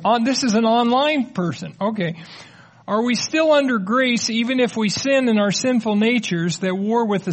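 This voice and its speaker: A middle-aged man with a fairly high voice leads a teaching sermon. He explains in a loose, conversational manner, slipping in light jokes while taking questions from the audience. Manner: conversational, explanatory, joking asides. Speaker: preacher.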